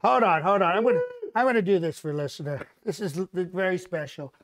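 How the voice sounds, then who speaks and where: A man's voice: high voice, brisk. A comedian playing a bragging, rambling older male politician, hosting a live mock press conference. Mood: boastful. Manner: bragging, repetitive, rambling asides.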